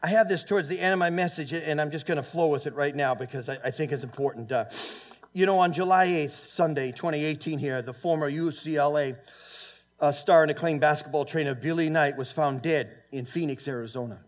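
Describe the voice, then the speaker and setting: A man with a fairly high voice preaches in a church, swinging from loud, pressing peaks down to low, quiet asides. He stumbles through fillers and restarts as he goes. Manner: halting, with many fillers and restarts. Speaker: pastor. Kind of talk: sermon. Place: church sanctuary.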